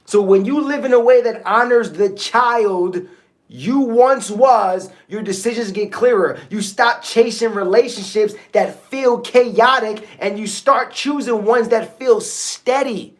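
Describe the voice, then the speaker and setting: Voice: mid-range voice, unhurried. A host giving a motivational talk on a livestream, speaking casually, repeating key phrases and often checking in with listeners. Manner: conversational, repetitive, checks in with listeners.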